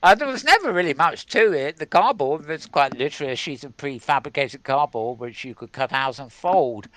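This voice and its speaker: A man's voice: on the high side, lively intonation, fairly quick, fairly bright tone, no echo. A man hosting a casual tech news show, rambling and chuckling as he goes. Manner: rambling, chuckling, self-mocking.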